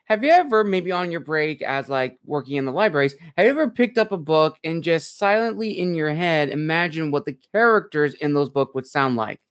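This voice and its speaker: Smooth-voiced male podcast host. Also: a little high, lively intonation, a little fast, hardly any pauses, dull audio. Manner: rambling, long winding questions. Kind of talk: interview questions.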